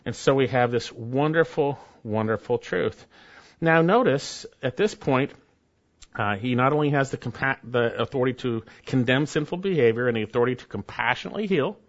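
Guy preaching a sermon, repeats stuff for emphasis, goes loud then real quiet, kinda muffled sound. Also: medium pitch, moderate pace. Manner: emphatic, repeats key phrases, swings from loud to soft. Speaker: pastor. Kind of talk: expository sermon.

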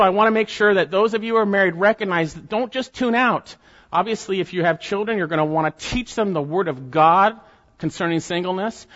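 A man preaching a sermon as pastor, reading scripture aloud and explaining it in an earnest, deliberate way with gentle asides. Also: high-pitched. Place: church sanctuary. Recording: long reverb, dull lo-fi sound.

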